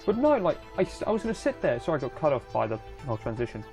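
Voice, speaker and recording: A man's voice: on the high side, big pitch swings, quick pace, a little mellow. Rambling young man doing game commentary. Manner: rambling, easily frustrated, full of restarts. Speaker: let's play host. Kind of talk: casual gameplay commentary. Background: game music.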